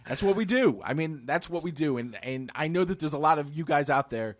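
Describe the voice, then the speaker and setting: A man's voice: on the high side, lively intonation, fairly quick, no room sound, studio quality. A man hosting a casual radio show, talking earnestly and rambling with restarts, slightly out of breath.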